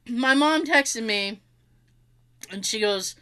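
A woman telling family stories in a casual chat, animated, swearing freely and laughing often. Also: on the high side, extremely slow.

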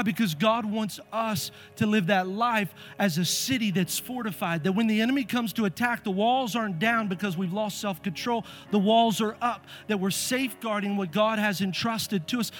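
Middle-aged man preaching in church, higher voice, lively and playful telling of stories. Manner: animated, acts out voices in stories. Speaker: pastor. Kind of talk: sermon with storytelling. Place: church sanctuary.

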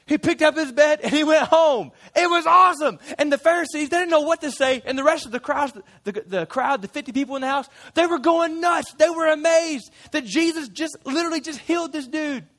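A man's voice: sits high, lively intonation, moderate pace, fairly bright tone. A man playing a chatty fisherman disciple. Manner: chatty and playful, with laughs and side remarks. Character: folksy fisherman disciple retelling his memories. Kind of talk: first-person character storytelling to a church group.

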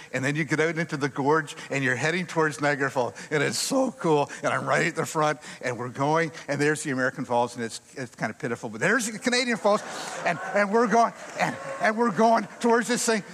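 A man speaking at a chapel service, telling a long personal story in an animated way and acting out scenes and quotes. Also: fairly high pitch. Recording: echoey hall, long reverb.

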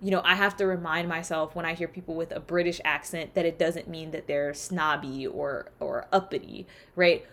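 A woman's voice: fairly low pitch, a bit bright. A woman from the South, talking through ideas in a casual, reflective solo podcast. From Southern United States. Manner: conversational, reflective, with rhetorical asides. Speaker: podcast host.

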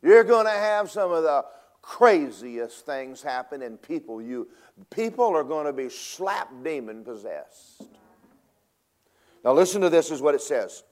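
A man preaching a sermon in a folksy, emphatic way, swinging between loud and soft and fast and slow for effect. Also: on the high side. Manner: folksy, emphatic, varies loudness and pace for effect.

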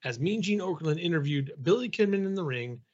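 A man's voice: a little high, lively intonation, fast, a little mellow, slightly rough, highs cut off. A man hosting a casual podcast, reading notes aloud in long runs and breaking off to joke.

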